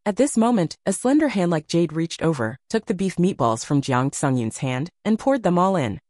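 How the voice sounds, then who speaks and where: A woman reading a novel aloud as audiobook narration, with expressive storytelling. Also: lowish voice, normal speed, no room sound, studio quality.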